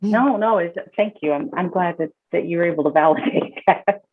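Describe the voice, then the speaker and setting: Over thin, phone-like call audio, a woman with a lowish voice talks fairly quickly. She's a counselor appearing on a podcast, giving casual advice emphatically and frequently repeating herself as she starts thoughts.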